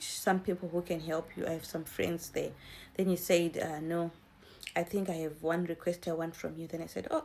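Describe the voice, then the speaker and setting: A woman's voice: fairly low pitch, a little mellow. A woman in her twenties, from Zimbabwe, chatting to her viewers in a storytime vlog and acting out what people said. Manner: chatty, addresses viewers as guys, acts out quotes. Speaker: vlogger.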